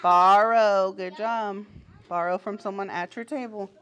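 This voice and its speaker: A woman's voice: mid-range voice, fairly even intonation, moderate pace. A young woman teaching a pre-kindergarten class in a classroom, upbeat and encouraging, giving short firm directions to small children. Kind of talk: classroom instruction.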